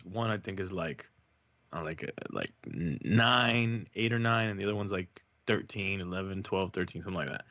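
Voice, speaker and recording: A man co-hosting a podcast, telling an animated anecdote full of slang in casual chat. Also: fairly low pitch, dry recording. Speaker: podcast co-host. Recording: dull lo-fi audio.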